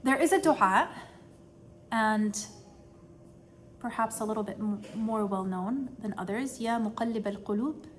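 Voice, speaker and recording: A woman's voice: mid-range voice, slow, long pauses. A woman in her thirties giving an informal religious talk to a group, conversational and sprinkled with Arabic phrases. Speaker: religious class teacher. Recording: faint background noise.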